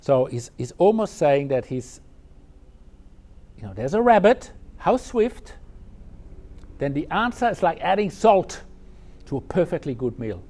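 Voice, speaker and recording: A man's voice: on the high side, very animated, moderate pace, pauses often, a little mellow. A man, a Zen teacher giving a conversational dharma talk on a koan, with frequent restarts and fillers.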